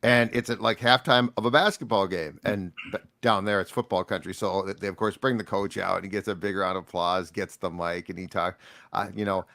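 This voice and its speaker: A man guesting on a sports radio talk show, telling a story with animated, mocking asides. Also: lowish voice, brisk, dry recording. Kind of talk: casual talk show banter.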